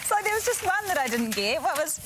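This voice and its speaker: A woman's voice: high voice, sing-song, quick pace, background noise. A woman co-presenting a live breakfast TV show, teasing her co-host and laughing often. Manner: giggly, teasing. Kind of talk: live studio banter. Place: TV studio.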